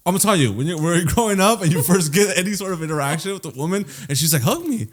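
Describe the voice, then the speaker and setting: A young man co-hosting a podcast, telling crude stories in brash casual chat. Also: high voice. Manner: crude, brash, fast-talking. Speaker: podcast co-host.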